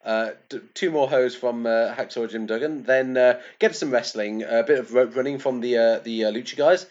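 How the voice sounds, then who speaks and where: A man's voice: mid-range voice, normal speed, darkish tone. A man co-hosting a casual wrestling podcast, talking with many fillers and restarts. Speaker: podcast co-host. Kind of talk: casual wrestling review chat. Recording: muffled lo-fi podcast audio.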